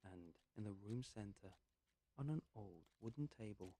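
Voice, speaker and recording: A narrator reads a first-person story aloud at an unhurried pace with pauses, occasionally muttering asides to himself while playing a game. His voice is on the low side, expressive and warm, with a breathy edge.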